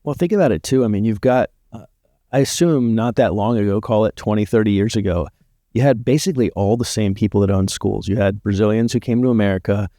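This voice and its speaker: Male podcast guest, laid-back storyteller, lowish warm voice, dry close sound. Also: fast, no echo. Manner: relaxed storyteller with frequent "like" fillers. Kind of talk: casual storytelling chat.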